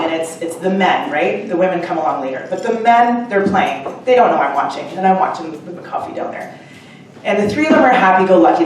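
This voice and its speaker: A woman with a fairly low voice tells a live audience, in a chatty and animated way, about her short story, with plenty of fillers and asides. She is heard from some way off the mic in a very echoey upstairs room, with faint ambience behind her. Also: recorded from a distance, a little hiss or hum. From Canada. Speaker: short story author at a book launch.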